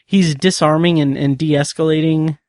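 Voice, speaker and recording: A man's voice: on the high side, steady tone, normal speed, darkish tone, no echo. Rambling man reviewing an episode, dry sound. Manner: rambling, many fillers and restarts, chuckles. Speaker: podcast host reviewing a TV episode. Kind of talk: casual solo review.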